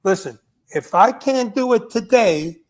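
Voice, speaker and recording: A man's voice: very high-pitched, expressive, a little slow. An older man, a retired undercover agent, telling stories in a blunt, emphatic podcast conversation.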